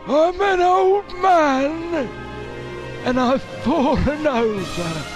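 A man voicing a frail old man who has fallen over, talking in a slow quavering croak and groaning. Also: very high-pitched, expressive, exaggerated voice. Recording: voice over loud music. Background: music.

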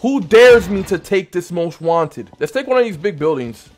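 A man chatting playfully with teammates during an online shooter, teasing and swinging between loud excitement and low mumbling. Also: moderate pace, soft background music. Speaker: gamer streaming with random teammates. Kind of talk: casual game commentary to teammates.

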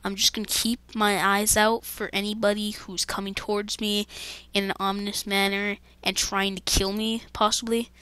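A woman's voice: mid-range voice, flat delivery, moderate pace, few pauses, pushed and bright, clear, resonant tone. A woman hosting a let's-play gaming video, commenting to her viewers with jumpy, dramatic exclamations. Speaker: gaming channel host.

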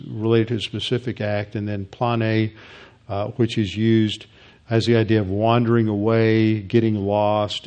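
Man teaching a Bible lesson. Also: fairly low pitch. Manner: explanatory, halting with frequent restarts. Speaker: pastor.

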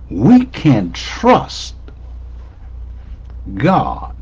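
A man's voice: medium pitch, very animated, slow pace, pauses often, husky, dull audio. A man preaching a sermon as pastor, repeating his key lines with rising emphasis. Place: church sanctuary.

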